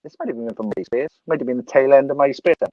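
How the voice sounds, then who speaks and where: A Welsh man in his thirties telling an animated, sweary story as a podcast guest. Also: mid-range voice, fast talker, no echo, highs cut off. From Wales. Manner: animated, sweary, laughs through anecdotes. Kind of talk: casual storytelling.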